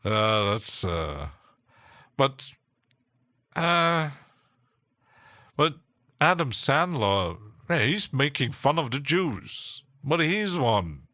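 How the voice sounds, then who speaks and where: A man hosting a live stream, chatting casually in a rambling, halting way with frequent restarts and short laughs, from his home studio. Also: mid-range voice, sing-song, bright, forceful tone, no room sound.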